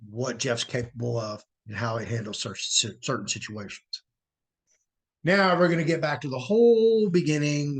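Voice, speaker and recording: A man's voice: medium pitch, husky. A middle-aged man, host of his own show, telling a personal story casually and acting out the quotes in a raised voice. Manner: animated, acts out quotes in a raised voice.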